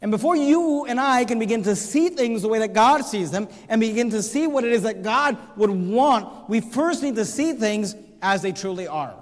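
A man preaching a sermon, reading scripture aloud and building to emphatic, shouted points. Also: high voice, expressive, moderate pace, hardly any pauses, big-room sound. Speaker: pastor.

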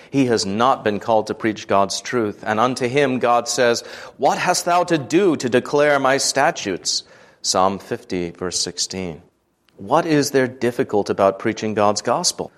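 A man reads a devotional text in a measured, earnest voice of ordinary pitch. He lifts his voice for the quoted lines. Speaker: devotional reader. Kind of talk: scripted devotional reading.

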